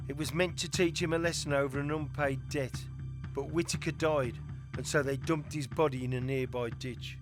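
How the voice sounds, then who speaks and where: A man giving measured, scripted documentary narration. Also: fairly high pitch, steady tone, music in the background.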